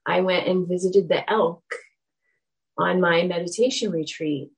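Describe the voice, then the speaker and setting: A woman giving a dharma talk, telling a personal story in a reflective, animated way. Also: on the low side, measured pace, vocal fry, low-quality recording.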